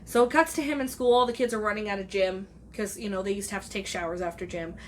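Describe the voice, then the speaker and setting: A woman's voice: medium pitch, fast, soft background music. A woman in a casual, rambling movie review who retells the plot, swears freely and acts out the characters' lines. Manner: chatty and animated, swears freely, acts out quotes.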